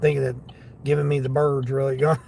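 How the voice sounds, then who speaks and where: A man's voice: mid-range voice, gravelly, warm tone, slight background noise. A man who hosts a driving livestream, chatting casually and grumbling with curses about other drivers and customers from inside his car. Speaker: delivery driver and livestream host.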